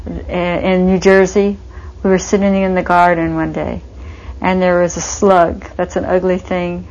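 A woman's voice: fairly low pitch, flat delivery, unhurried, a little mellow, dull audio, a little hiss or hum. A woman telling stories of her spiritual teacher in a reminiscing interview, with a wistful, storytelling manner. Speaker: devotee recalling her teacher.

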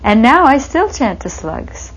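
A woman's voice: sits high, sing-song, a little slow, a bit bright, slight background noise, poor audio. A woman telling stories of her spiritual teacher in a reminiscing interview, with a wistful, storytelling manner. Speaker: devotee recalling her teacher.

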